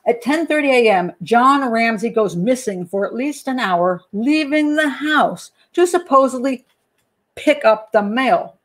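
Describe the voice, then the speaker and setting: A woman hosting a true-crime channel, analysing a case in a casual, animated way, pausing to check her notes and acting out people's reactions. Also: on the high side. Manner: animated, talks to herself while checking notes, acts out panicked parents. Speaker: criminal profiler and channel host.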